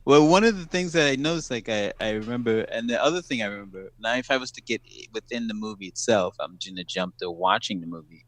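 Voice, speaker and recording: A man guest on a podcast, telling stories about his acting career in a calm, matter-of-fact way and laughing often. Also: mid-range voice, quick pace, hardly any pauses. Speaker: actor guest. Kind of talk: casual anecdote telling.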